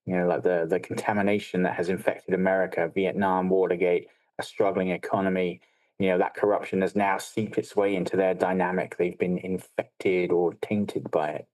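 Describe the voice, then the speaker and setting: A man's voice: low-pitched, little pitch movement, moderate pace, a little mellow, no room sound, poor audio. A man co-hosting a film podcast, analytical and blunt, swearing freely. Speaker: podcast co-host. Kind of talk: casual film discussion.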